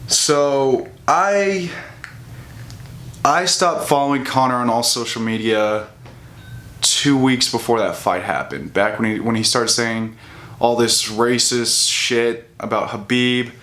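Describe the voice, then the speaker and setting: A young man rants straight to camera in a heated, profane way. His voice sits at an ordinary middle pitch, and he stumbles and restarts as he builds his case. He speaks like a casual vlogger, mocking the people he disagrees with. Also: slow pace, a bit bright. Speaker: bodybuilding vlogger. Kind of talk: ranting casual commentary.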